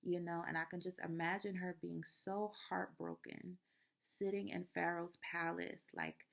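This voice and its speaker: A woman's voice: fairly low pitch, lively intonation, a little slow, creaky, a bit bright. A woman hosting a Christian video, retelling a Bible story in a chatty, casual way full of fillers. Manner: chatty, full of "you know" and "like".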